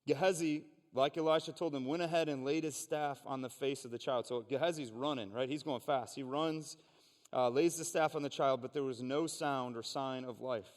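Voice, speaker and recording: A man's voice: mid-range voice, normal speed, long reverb tail. A man preaching a sermon, reading scripture aloud and explaining it in an earnest, conversational way. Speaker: pastor. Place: church sanctuary.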